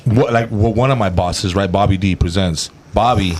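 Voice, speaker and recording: Man, comedian guest, animated storytelling, swears a lot, faint background noise. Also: fairly low pitch, normal speed. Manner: animated storyteller acting out voices, swears freely. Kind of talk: casual podcast chat.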